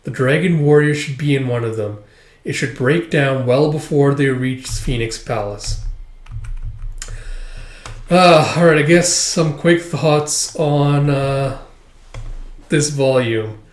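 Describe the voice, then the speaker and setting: A man's voice: medium pitch, takes it slowly, pauses often, echoey room. A man recapping a manga volume in a rambling, casual way, full of fillers. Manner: rambling, filler-heavy retelling. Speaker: manga reviewer.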